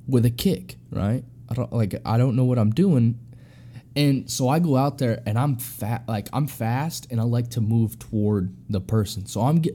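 A young man with a warm, relaxed tone and an ordinary middle pitch spins a casual story. His talk is slangy and profane, full of bro and dude. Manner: slangy, profane, animated, addresses listeners as bro.

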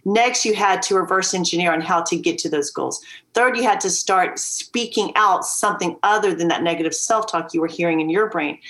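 A woman's voice: lowish voice, a little fast, fairly bright tone. A woman guest on a video call, earnestly and emphatically telling her story as a mother. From Virginia. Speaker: podcast guest. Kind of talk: candid storytelling interview.

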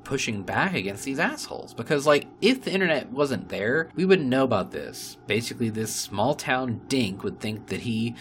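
A man's voice: medium pitch, animated, moderate pace, few pauses, slight background noise. A man hosting a podcast, ranting angrily and swearing often. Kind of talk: casual podcast talk.

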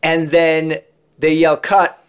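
Animated storytelling man on a podcast. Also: medium pitch, normal speed. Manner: animated, rising excitedly when describing amazing moments; conversational, with frequent "like" fillers. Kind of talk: casual storytelling chat.

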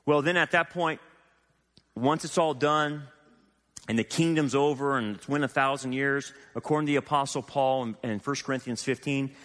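A man preaching a sermon as pastor, animated and full of rhetorical questions to his congregation. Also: medium pitch, normal speed. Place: church sanctuary. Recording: long hall reverb.

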